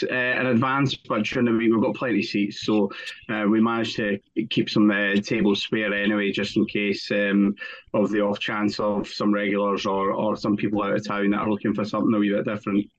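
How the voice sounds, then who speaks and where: A man, a restaurant owner, answering in a relaxed, matter-of-fact way. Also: on the low side. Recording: dull, lo-fi line.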